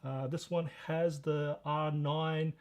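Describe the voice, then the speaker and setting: A man's voice: fairly high pitch, level tone, takes it slowly. A man hosting a live stream, unboxing a laptop and chatting through his first impressions as he thinks aloud, with frequent delighted exclamations.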